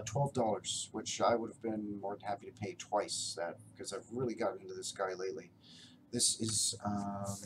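With a low-leaning voice, a man from Canada rambles happily through a casual show-and-tell of records he's collected. A slight hiss or hum sits under the audio.

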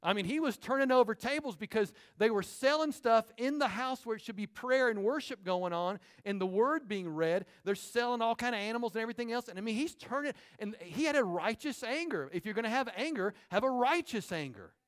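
High-voiced preaching man. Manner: animated preaching, quick asides to the congregation. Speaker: pastor. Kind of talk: sermon. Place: church sanctuary.

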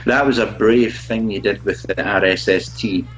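A man who reviews products, chatting as a guest in a halting, self-mocking way and laughing often. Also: on the low side, steady tone, over music, low-quality recording. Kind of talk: casual video chat.

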